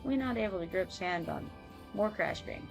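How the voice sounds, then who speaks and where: A woman's voice: medium pitch, lively intonation, moderate pace, gravelly, faint music behind, rough recording. A woman voicing a mischievous little male goblin helper who speaks in broken baby-talk grammar, reading quest dialogue aloud. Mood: impish.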